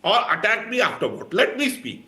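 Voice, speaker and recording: Indian-accented male panelist, pleading and insistent, bright and animated, echoey remote line. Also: sits high, a little fast. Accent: Indian English. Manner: pleading, insistent, keeps asking to speak. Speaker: party spokesperson, debate panelist. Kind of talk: heated TV debate.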